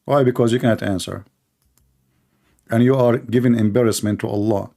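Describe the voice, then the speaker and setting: A man's voice: mid-range voice, steady tone, normal speed, gravelly, dark tone. A man hosting a confrontational call-in debate, speaking in a sarcastic, taunting way. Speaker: debate show host.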